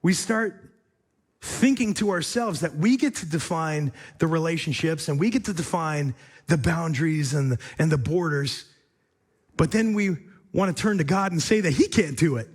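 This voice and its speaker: A man's voice: a little high, animated, normal speed, breathy edge. A male pastor preaching a sermon with emphatic, repetitive rhetorical phrasing.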